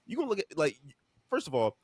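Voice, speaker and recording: Animated slangy man on a podcast. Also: on the high side, fast talker, no echo. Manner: animated slangy talk, acts out hypotheticals. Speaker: podcast co-host. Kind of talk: casual podcast debate.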